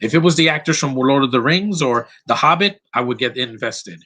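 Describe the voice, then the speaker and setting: A man's voice: mid-range voice, expressive, fairly quick, pushed and bright. A man giving casual live commentary over a movie, blunt and rambling, going off on tangents.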